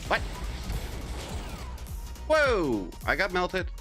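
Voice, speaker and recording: A man hosting a gaming stream, chatting casually and reacting with quick exclamations while he plays. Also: mid-range voice, animated, fairly bright tone, faint music behind.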